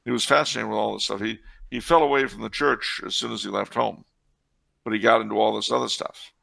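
A man with a deep-set, gravelly voice that is bright and forceful at once. He talks through church history in a casual way, wandering off into sardonic asides. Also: fairly even intonation, fairly quick. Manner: wry, digressive, sardonic asides. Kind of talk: casual discussion with digressions.

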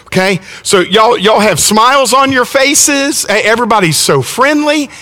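A middle-aged man from Alabama preaches with a Southern accent, folksy and enthusiastic, often stumbling and starting over. His voice sits high and bright. The sound carries the long reverb of a church sanctuary. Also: animated, moderate pace. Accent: Southern American. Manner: folksy, enthusiastic, frequent restarts. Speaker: visiting preacher. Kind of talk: sermon with storytelling.

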